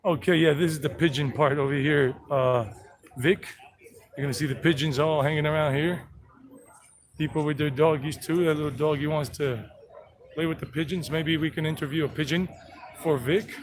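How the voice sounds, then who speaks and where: A man's voice: on the high side, steady tone, moderate pace, low-quality recording. A man giving a playful, chatty walking-tour vlog outdoors in a town square. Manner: chatty, playful, talks to animals. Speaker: travel vlogger and tour guide. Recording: outdoor street noise.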